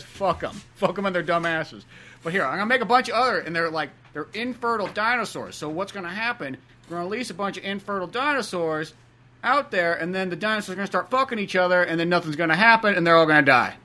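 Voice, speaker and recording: A man's voice: high voice, lively intonation, quick pace, pushed and bright. A man doing a brash, crude John Hammond. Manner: brash, swearing, mock-boastful. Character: crude scheming old male park owner.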